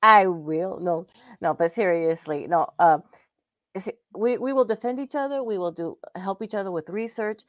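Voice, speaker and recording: A woman co-hosting a podcast, chatty and excitable, often breaking into giggles. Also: mid-range voice, normal speed, dry recording, clean studio sound. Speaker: podcast co-host. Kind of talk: casual chat.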